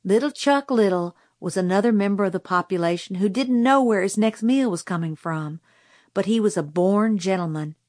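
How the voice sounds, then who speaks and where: A woman narrating a novel aloud in a measured storytelling manner on a close microphone. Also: medium pitch, a little mellow, dry recording. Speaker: audiobook narrator. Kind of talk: scripted narration.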